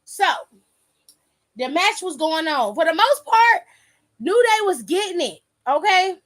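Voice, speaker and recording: A woman's voice: very high voice, big pitch swings, measured pace, fairly bright tone. A woman hosting a podcast, casually retelling a match with quoted dialogue and some swearing. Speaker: podcast host. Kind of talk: casual wrestling recap.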